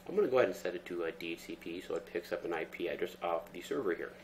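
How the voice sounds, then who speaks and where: A man with a very low voice runs through a screen-recorded tech tutorial very fast, though his manner remains relaxed and easygoing. He explains each step with many ums and uhs while faint noise and keyboard typing sit in the background.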